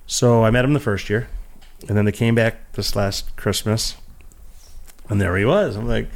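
A man's voice: lowish voice, moderate pace, long pauses. A man talking casually as a podcast guest about a game he invented, rambling and swearing, with lots of restarts. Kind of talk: casual chat.

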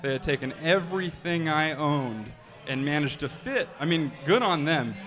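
A man casually telling a long, profane story with animated delivery on a podcast. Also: a little high, moderate pace, music in the background. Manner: animated, profane, acts out quotes.

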